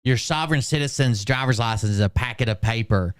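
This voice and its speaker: A man talks through casual stream commentary in a sardonic tone and swears freely. His voice is smooth and clear, recorded dry on a close mic. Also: mid-range voice, a little fast, no room sound.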